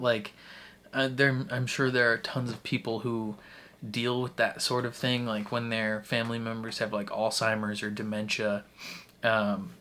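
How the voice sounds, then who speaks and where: A man's voice: medium pitch, sharp tone. A man in his late twenties hosting a reaction channel, talking through a TV episode in a rambling, heartfelt way with lots of fillers and restarts. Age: 20s. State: emotional, tearing up. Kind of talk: casual reaction commentary.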